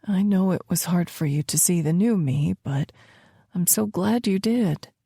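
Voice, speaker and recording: A loving gentle young man, as a woman narrator reads him, soft affectionate voice, slow, audiobook. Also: fairly low pitch, vocal fry, breathy edge, no echo, studio quality, full character voice. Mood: tender.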